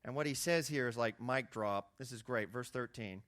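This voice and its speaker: Bright animated young male preacher. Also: normal speed, hardly any pauses, no room sound, studio quality. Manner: conversational preaching, voice climbing high for emphasis. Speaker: youth pastor. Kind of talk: sermon.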